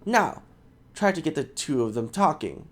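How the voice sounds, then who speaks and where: A man putting on a high, excited woman scholar. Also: moderate pace. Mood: eager. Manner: excited, clinical, high-pitched. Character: fussy, eager woman scholar of souls.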